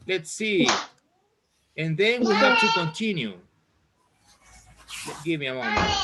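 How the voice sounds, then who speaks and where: Man, English teacher on a video call, slow encouraging delivery, fairly high voice. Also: a bit bright, a little hiss or hum. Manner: slow, encouraging, repeats words for learners. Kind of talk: online class teaching.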